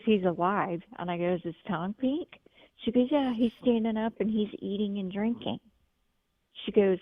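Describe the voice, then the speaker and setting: Caller, woman, low-ish fry-heavy voice, rambling testimony; dry, phone-thin sound. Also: dry recording. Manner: rambling storytelling with frequent restarts. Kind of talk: call-in testimony. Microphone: telephone. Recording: tinny phone line, dry.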